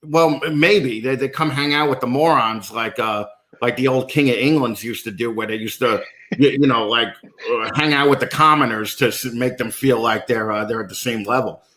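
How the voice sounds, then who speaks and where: A man's voice: mid-range voice, moderate pace, bright, forceful tone. A man with a New York accent chatting as a podcast guest, profane and rambling, poking fun at himself. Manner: profane, rambling, self-mocking. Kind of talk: casual chat. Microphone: video call.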